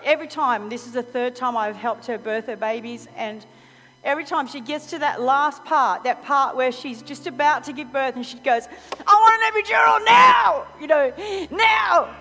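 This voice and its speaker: A woman preaching a sermon, telling a story with animated delivery and frequent laughter. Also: high-pitched. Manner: animated storytelling, acts out quotes, laughs often. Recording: long hall reverb, faint music.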